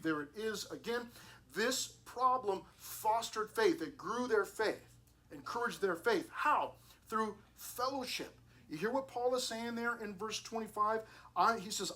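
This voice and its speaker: A middle-aged man with a fairly high voice gives a sermon at a youth service. He talks earnestly and conversationally, often repeating a word as he restarts a thought. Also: moderate pace, pushed and bright.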